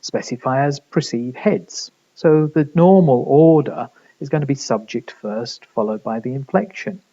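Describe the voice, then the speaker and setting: A man's voice: mid-range voice, lively intonation, unhurried, dark tone, muffled recording. A man giving a recorded university lecture, explaining step by step with rhetorical questions and the odd filler.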